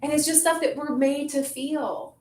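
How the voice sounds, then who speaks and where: Woman leading a relaxed wellness group. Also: high voice, moderate pace. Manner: relaxed, reflective, says "like" a lot. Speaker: group facilitator. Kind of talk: casual wellness group talk. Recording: echoey room, faint noise.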